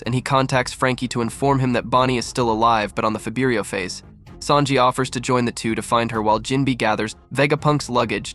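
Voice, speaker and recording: A man's voice: medium pitch, a bit bright. Man, recap narrator, matter-of-fact read, faint music underneath. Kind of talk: plain scripted summary narration.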